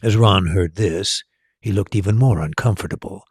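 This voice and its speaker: A man narrating a story slowly and with animation, as a storyteller and tour guide. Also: deep voice, breathy edge, no echo, clean studio sound.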